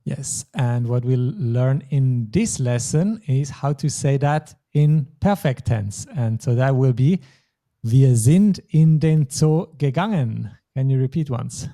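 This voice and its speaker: A man's voice: mid-range voice, measured pace, hardly any pauses, dark tone. A man teaching a language lesson, explaining patiently step by step. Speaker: German teacher.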